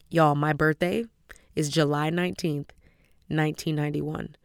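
A woman in her thirties, a podcast host telling a personal story in a chatty, animated way, often calling her listeners y'all. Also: low-pitched, normal speed, vocal fry, no room sound, studio quality. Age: 30s. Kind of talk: casual storytelling.

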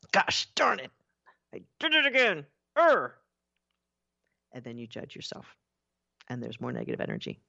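A woman with a deep, low voice gives a spiritual talk to her listeners. She is expressive, playing out everyday inner voices and drawing out her key words. The recording sounds a little dull and lo-fi. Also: gravelly. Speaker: spiritual teacher.

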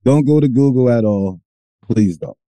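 A man co-hosting a podcast, telling stories in a profane, animated, casual way. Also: medium pitch, moderate pace, crowd noise. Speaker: podcast co-host. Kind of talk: casual chat.

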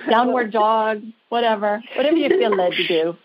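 A woman's voice: a little high, normal speed, highs cut off. A woman hosting a call-in show, chatty, upbeat and reassuring with her callers. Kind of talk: call-in radio chat.

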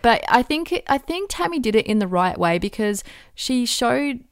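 A woman co-hosting a podcast, chatting casually and gossipily with lively asides. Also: on the high side, moderate pace, smooth, no echo, studio quality. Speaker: podcast co-host. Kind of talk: casual chat.

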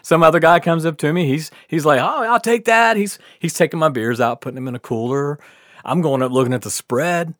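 A man's voice: a little high, brisk, no echo, clean studio sound. A man casually telling a long, funny story, laughing often, swearing, and acting out what people said. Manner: animated, laughing, swears often, acts out quotes. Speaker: podcast guest storyteller.

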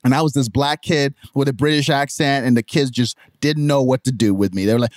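Animated Nigerian-born man telling his story. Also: fast, few pauses, no echo, studio quality. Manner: animated, jumps into high mimicking voices when quoting others. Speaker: podcast guest. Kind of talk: conversational storytelling.

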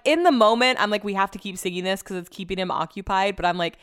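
A woman's voice: medium pitch, fast, few pauses, a bit bright. A young adult woman hosting a casual solo podcast from home, rambling through everyday stories, swearing casually and laughing often. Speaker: podcast host.

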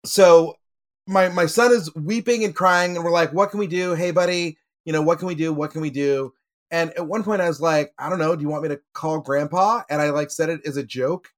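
A man's voice: fairly high pitch, brisk. A man on a podcast panel, telling a personal story in casual chat, with many fillers and laughs.

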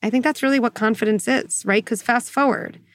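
A woman hosting a parenting show as a psychologist, talking through advice in a casual, animated way and acting out quoted inner voices. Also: on the high side, a little fast, no echo, clean studio sound.

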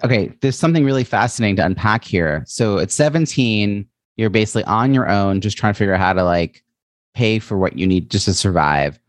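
A man's voice: fairly low pitch, animated, brisk, no room sound, clean studio sound. A man hosting a podcast, asking probing questions and thinking aloud about his guest's story. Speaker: podcast host. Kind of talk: interview conversation.

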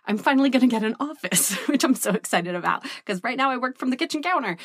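A woman's voice: a little high, animated, quick pace, a bit bright, dry recording, clean studio sound. A woman in her thirties talking to camera in a candid, casual vlog, chatty and full of "like" and "right?". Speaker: business coach and vlogger.

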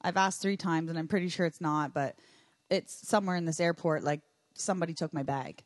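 A young adult woman tells a travel story on a podcast, bouncing between narration and re-enactments of her own panic. Her voice sits on the lower side for a woman. The sound is dry and close, with no room around it. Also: a little fast, dry recording. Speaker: podcast guest. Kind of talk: casual storytelling chat.

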